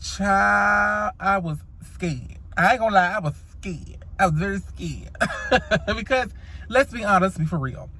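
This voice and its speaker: A woman's voice: mid-range voice, expressive, measured pace, bright, forceful tone. A woman telling a dramatic story to the camera in a casual vlog, sassy and profane, calling her listeners honey and child. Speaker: storytime vlogger.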